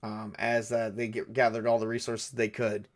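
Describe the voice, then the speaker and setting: A man's voice: on the low side, completely flat delivery, moderate pace. Man musing through a solo tabletop game. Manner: musing, thinking aloud with fillers. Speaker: solo game master and player. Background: faint background music.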